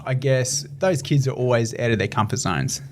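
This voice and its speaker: A man's voice: medium pitch, moderate pace, a little mellow, a little hiss or hum. A young adult man with an Australian accent, talking earnestly in a casual interview with many fillers and restarts. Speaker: guest, ultramarathon runner.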